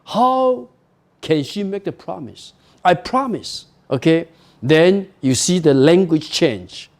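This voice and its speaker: A man lecturing on a novel at a university, explaining slowly with frequent "you know" and "okay?" asides. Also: a little high, lively intonation, darkish tone.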